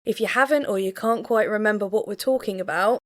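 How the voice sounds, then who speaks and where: A woman co-hosting a reaction podcast about a reality show, talking in a measured, analytical way and laughing easily. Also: medium pitch. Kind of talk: casual chat.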